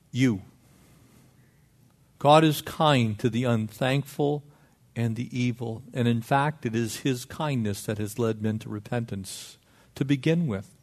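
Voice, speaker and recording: A middle-aged man preaching a sermon, lively and conversational, acting out little dialogues. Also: medium pitch, takes it slowly, long pauses. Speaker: pastor.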